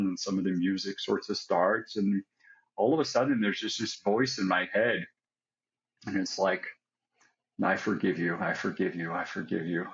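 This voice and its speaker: An American psychiatric pharmacist, interviewed as a guest, tells his own story candidly and reflectively, often tossing in "like" and "right?". His voice is fairly low and fairly bright, with the highs cut off.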